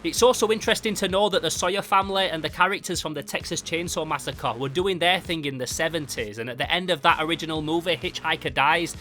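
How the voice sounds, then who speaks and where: An excitable man talks through a horror comic, swearing freely and acting out the sound effects in a bright, forceful voice. Faint music plays underneath him. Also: a little high, fast, hardly any pauses. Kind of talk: casual comic review narration.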